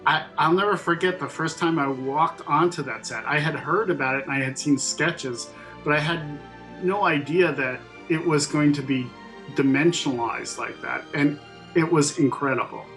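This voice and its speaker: A man's voice: a little high, normal speed, a bit bright, soft background music, low-quality recording. A man in his fifties, a puppet and toy designer, telling stories in a casual interview with many ums and restarts. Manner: thoughtful, with frequent ums and restarts.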